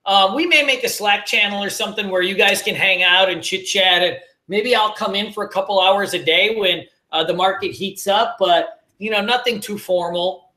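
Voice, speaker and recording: A man's voice: high voice, normal speed, few pauses, sharp tone, echoey room. A man hosting a casual trading livestream, joking, slangy and swearing as he answers viewers. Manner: laid-back, joking, slangy, swears and laughs often.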